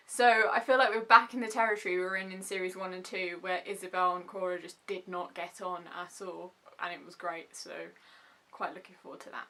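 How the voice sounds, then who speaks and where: A young woman chatting casually in a vlog, gushing and animated, full of asides and "like". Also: medium pitch, a little fast. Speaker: vlogger reviewing a TV episode.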